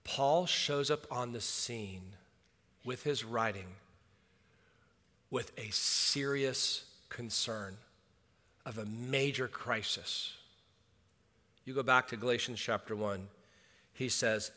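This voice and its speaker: A male pastor preaching a sermon, swinging from hushed asides to shouted urgency. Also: medium pitch, big pitch swings, takes it slowly, long pauses. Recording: long hall reverb.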